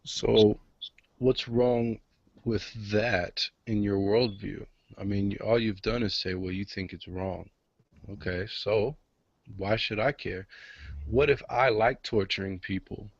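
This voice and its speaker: A man's voice: lowish voice, steady tone, takes it slowly, vocal fry, no room sound. A man in casual argument who pushes back with a stream of rhetorical questions. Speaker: debater in an online chat. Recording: dry, dull lo-fi audio.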